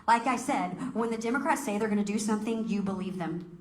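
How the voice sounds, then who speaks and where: A woman's voice: medium pitch, fast talker. Fiery woman speaker in an echoey room. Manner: fiery, emphatic, rhetorical questions. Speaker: political speaker. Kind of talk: speech to a political group.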